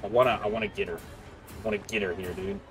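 A man commentates his gameplay in a casual, joking way, taunting and teasing his opponents as he plays. His pitch rises and falls with lots of energy. Game music plays clearly behind his voice. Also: very animated, fast talker. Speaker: gaming streamer. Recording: game music playing under the voice.

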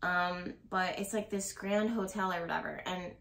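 A woman's voice: fairly low pitch, fairly even intonation, moderate pace, creaky, a bit bright. A woman giving a casual tarot reading to her viewers. She talks in a rambling, blunt way, swears now and then, and laughs nervously. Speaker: tarot reader. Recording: roomy echo.

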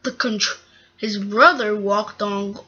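A woman improvising a toy-train story, narrating haltingly and correcting herself as she goes. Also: mid-range voice, steady tone, pushed and bright, breathy edge, muffled recording.

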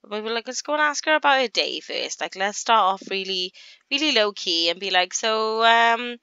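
A woman giving casual gameplay commentary, chatting along and voicing her characters in quick asides. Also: on the low side, bright, forceful tone, smooth, no echo, dull audio. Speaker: gaming YouTuber.

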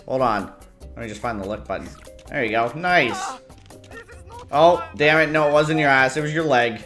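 A man's voice: mid-range voice, normal speed, pauses often, fairly bright tone, soft background music. A young man giving casual, goofy gameplay commentary as a YouTuber, laughing often between his remarks. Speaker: gaming YouTuber.

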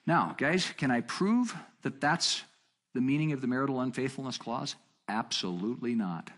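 A middle-aged man teaching a marriage seminar in a conversational way, telling a story with quoted dialogue and jumping up in pitch for emphasis. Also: normal speed. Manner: animated, jumps up in pitch for emphasis.

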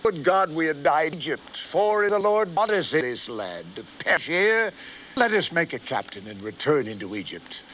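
A plaintive, grumbling crowd cries out in a lifted, whining voice, as a man reads them in a storybook Bible telling. The pitch rises high and swings widely. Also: big pitch swings, moderate pace, a bit bright, a little hiss or hum. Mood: wailing. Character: the complaining crowd of Israel.

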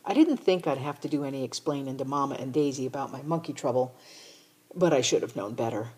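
A woman reading a children's novel aloud in a steady first-person narration. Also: a bass voice, quick pace, husky. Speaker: audiobook reader. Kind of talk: storybook narration.

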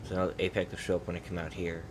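A young male gameplay streamer rambles casually while playing a video game, thinking aloud and muttering in a let's-play style. His voice is low-pitched and completely flat, and he talks at a racing pace over background noise.

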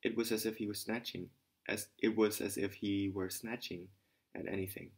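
A man narrates a novel in a hobby audiobook. His voice sits fairly low, and he reads steadily, now and then tripping over a word and starting it again. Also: steady tone, moderate pace, rough recording. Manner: occasional stumbles and restarts. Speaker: audiobook reader.

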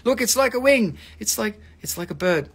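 A man hosting a live stream that sells crystals, talking in an excitable, joking, profane and rambling sales patter. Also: high-pitched, normal speed, creaky, slightly rough.

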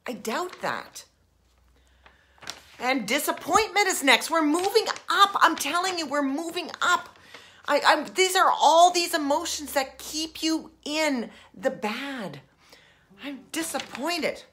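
A woman life coach giving a demonstration, acting out each emotion in the first person with repetitive, expressive phrasing. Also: high voice, slow pace.

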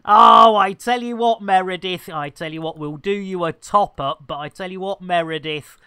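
A man's voice: high-pitched, normal speed, pushed and bright, clear, resonant tone, no room sound, studio quality. A man streaming a game, full of playful innuendo banter and with a slight frog in his throat. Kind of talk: livestream commentary.

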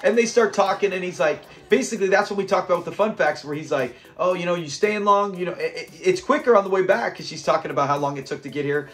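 A man from Southern California casually recapping a sitcom episode, chatty and quick to laugh as he acts out the lines. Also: sits high, fairly bright tone. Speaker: host of a sitcom review channel.

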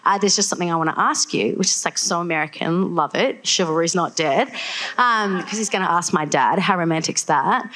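A young woman from Australia, telling her faith story to a live audience in an animated way, full of "like"s. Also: fairly low pitch, a little fast. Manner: animated storytelling, many filler "like"s. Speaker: guest speaker.

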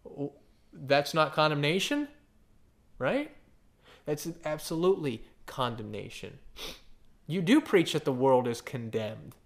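A male pastor delivering a sermon in a somewhat high-pitched voice, pressing his points with rhetorical questions. He often stammers and restarts mid-phrase and keeps an emphatic, conversational push throughout. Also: sing-song, unhurried, pauses often.

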